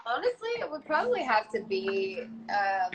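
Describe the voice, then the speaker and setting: A woman actress chatting casually on a live stream, laughing often and filling pauses with ums and likes. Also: a little high, big pitch swings, heavy background noise. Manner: giggly, many ums and likes.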